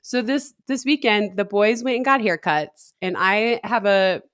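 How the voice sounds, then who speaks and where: Woman, 30s, podcast co-host; chatty storyteller, mid-pitched, laughs easily. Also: a little slow, fairly bright tone. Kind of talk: casual chat.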